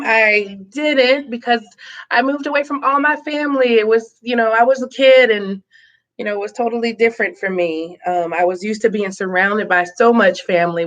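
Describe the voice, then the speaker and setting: A woman's voice: a little high, fairly bright tone. Bubbly woman chatting live from her living room. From born in Boston, raised in Tampa, Florida, US. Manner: chatty and bubbly, laughing often, with many fillers. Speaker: live-stream host. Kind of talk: casual live-stream chat, reading and answering viewer comments.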